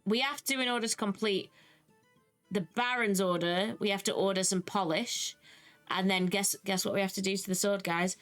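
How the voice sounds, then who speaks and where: A young British woman giving casual, animated commentary on a video game she is playing, with exasperated asides. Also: mid-range voice, normal speed, soft background music. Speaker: gaming YouTuber. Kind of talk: casual let's-play commentary.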